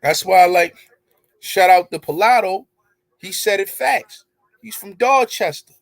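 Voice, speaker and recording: A man's voice: high-pitched, measured pace, no echo. Emphatic man ranting in street slang. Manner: rambling, emphatic, heavy profanity and street slang. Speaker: show host. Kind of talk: casual monologue.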